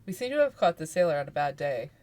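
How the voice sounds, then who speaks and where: A woman's voice: low voice, very animated, fast, darkish tone. A woman streaming a video game, chatting casually and making dry, teasing remarks. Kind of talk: casual gaming commentary.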